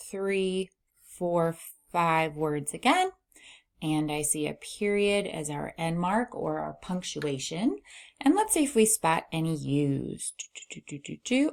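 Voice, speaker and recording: A woman in middle age leads a reading lesson for small children, speaking slowly and sounding each word out with care. Her fairly low voice swoops up and down with a lively, animated pitch. Every so often she hums a few notes as she looks over the page. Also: vocal fry. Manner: slow, exaggerated word-by-word reading aloud; humming while she scans for letters. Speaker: reading teacher. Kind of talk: online phonics lesson for young readers.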